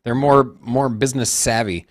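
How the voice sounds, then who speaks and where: A man co-hosting a casual crypto chat, blunt, joking and quick to argue. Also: medium pitch, steady tone. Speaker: podcast co-host.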